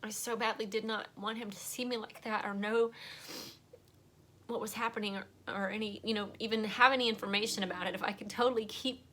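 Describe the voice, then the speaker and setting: A woman's voice: medium pitch, steady tone, a little fast, pushed and bright. A woman giving a heartfelt, rambling personal monologue while crying. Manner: earnest, rambling, emotional. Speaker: vlogger and podcast host.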